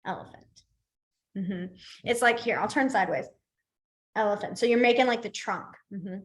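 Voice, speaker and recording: A woman teaching a beginners' sign language class, chatty and self-deprecating, slowly repeating each word as she demonstrates. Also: mid-range voice. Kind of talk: live class instruction. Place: library classroom.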